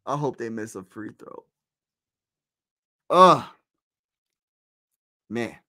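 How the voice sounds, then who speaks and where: Young guy doing fan play-by-play, excitable, pleading and groaning, dry close mic. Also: mid-range voice, extremely slow, no echo. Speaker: live play-by-play streamer.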